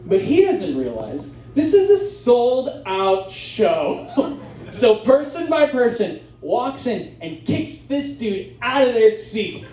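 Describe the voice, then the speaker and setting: Guy doing stand-up in a club, lively voice jumping around, kinda far from the mic. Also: extremely high pitch, slow. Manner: animated storytelling with comic voices. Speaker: stand-up comedian. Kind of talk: stand-up comedy set. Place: comedy club stage. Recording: roomy club sound from a distance.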